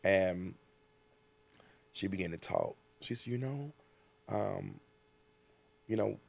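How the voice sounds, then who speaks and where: A man's voice: low voice, slow pace, gravelly. A man from the United States, a guest in an interview, telling a personal story earnestly and acting out what people said.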